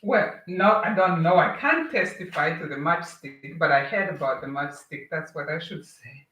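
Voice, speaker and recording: A woman's voice: sits low, unhurried, fairly bright tone, muffled recording. A woman hosting a casual live cooking stream, chatting with viewers and greeting them as they join. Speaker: cooking livestream host. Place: home kitchen. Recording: roomy, distant, with clear background noise.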